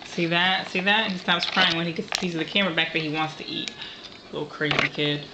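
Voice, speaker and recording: A woman's voice: lowish voice, fast talker. A young woman filming small children at a home meal, coaxing them in sing-song baby talk. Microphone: handheld home camcorder. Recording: loud background noise on a home camcorder.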